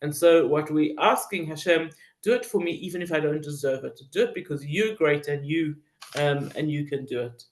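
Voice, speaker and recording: A woman teaching a Psalm class who reads Hebrew phrases, translates them and often pauses to search for words. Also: low voice, a little hiss or hum. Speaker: Torah teacher. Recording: roomy echo.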